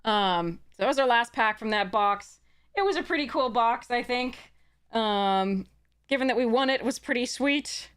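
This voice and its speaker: A woman's voice: a little high, animated, normal speed, fairly bright tone, clear, resonant tone. A woman streamer chatting casually to her live audience, rambling with many fillers and restarts. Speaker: game streamer.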